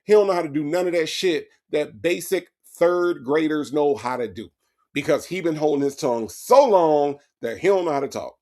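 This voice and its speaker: A man's voice: fairly high pitch, lively intonation, normal speed, a little mellow. A man hosting a true-crime comedy podcast, delivering sarcastic, profane commentary and repeating his points for effect. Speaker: podcast host.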